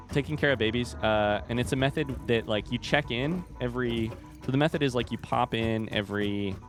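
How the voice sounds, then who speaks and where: A young man talks casually to his viewers during a game stream, rambling from one thought to the next. His voice sits at an ordinary middle pitch for a man. Soft music plays faintly underneath. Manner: chatty, rambling storyteller. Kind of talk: casual chat while gaming.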